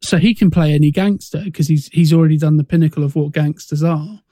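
A man co-hosting a film podcast, talking casually in a measured, hesitant way with frequent restarts. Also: a little high, fairly even intonation, mellow, dry recording. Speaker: podcast co-host.

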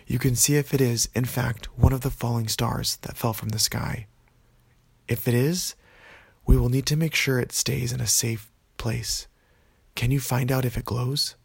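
A stern magic falcon from a storybook snarls out orders in a gravelly, husky voice, as a man puts him on. The sound is dry and close. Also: medium pitch, steady tone, moderate pace, no echo. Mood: commanding. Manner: snarling, commanding.

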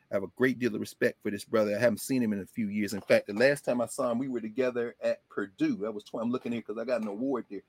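A man's voice: mid-range voice, no room sound. A man hosting casual political commentary, talking emphatically with folksy asides.

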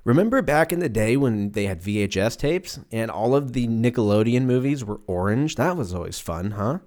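In a mid-range, slightly mellow voice that's animated and at normal speed, a man in his twenties rambles through his solo podcast. He curses freely and slips into silly exaggerated voices, recorded in a room at home with the windows open.

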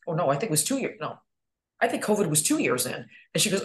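A woman's voice: low voice, expressive, fast talker. A middle-aged woman from New York, a podcast guest who chats casually, laughs often and tells stories with animation. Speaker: podcast guest, real estate agent. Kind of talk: casual chat.

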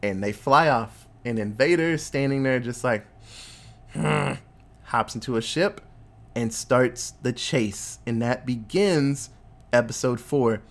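A man hosting a casual chat, retelling a movie plot in animated, profane storytelling. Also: mid-range voice, unhurried.

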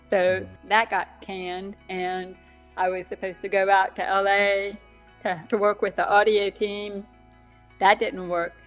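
A woman talks in a relaxed interview, her deaf accent shaping some sounds a little differently. Her voice sits at an ordinary middle pitch, and she chats freely, often laughing at herself. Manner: chatty, laughs often, self-deprecating asides. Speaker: guest author. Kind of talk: casual interview chat.

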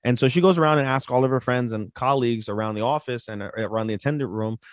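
A man's voice: mid-range voice, fast, no room sound, studio quality. A man co-hosting a podcast, recapping anime episodes in a loose, rambling way full of "like" fillers and casual swearing. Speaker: podcast co-host.

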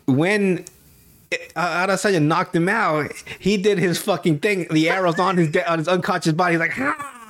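A man hosts a casual podcast and tells a story with lots of swearing and laughter. His voice sits a touch high, and he keeps an animated, chatty pace throughout. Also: normal speed. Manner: animated, profane, laughs often. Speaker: podcast host.

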